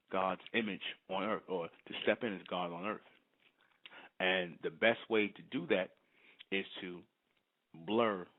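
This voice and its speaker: A man with a very low voice preaches in a monologue, driving each point home and restating it. He chews as he talks, and the sound is thin and tinny, like a phone line. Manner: emphatic, repeats and restates points; chewing while talking. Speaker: vlogger.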